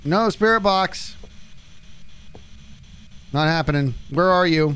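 A man's voice: a little high, slow, a bit bright, slight background noise. A middle-aged man streaming a game live, joking and teasing his teammates on a headset mic. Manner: playful and jokey, teasing teammates.

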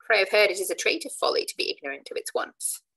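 A woman voicing an outspoken young man who fires back sharp, raised retorts. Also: medium pitch, very animated, quick pace, vocal fry, slightly rough, pitched above the performer's own voice, full character voice, rough recording. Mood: mocking. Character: outspoken young male wit, eager to retort.

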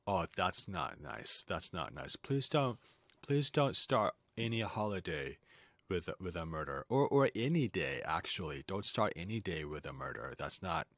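Man host for a casual lesson: low, lively pitch, jokey asides, dry close sound. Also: a little slow, no echo. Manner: chatty, jokey asides, wanders off script. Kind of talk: casual lesson, reading aloud.

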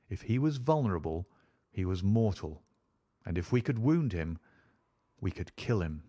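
A man reading an audiobook aloud in a steady, dramatic storytelling manner. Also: on the low side. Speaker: audiobook narrator. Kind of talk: scripted narration.

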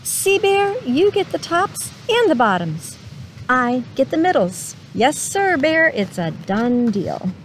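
A sly trickster hare who sounds very pleased with himself, as a woman puts him on while reading a picture book. His lines lift high and sing-song over a faint background hiss. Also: steady tone, measured pace, hardly any pauses, lightly acted, rough recording. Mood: cheerful sly. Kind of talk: picture book read-aloud.

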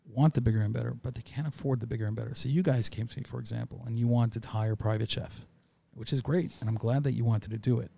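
A man's voice: medium pitch, steady tone, fast talker, creaky, hardly any pauses, dark tone, husky, no room sound. A man who works as a private chef, chatting casually on a podcast and repeating key phrases for emphasis.

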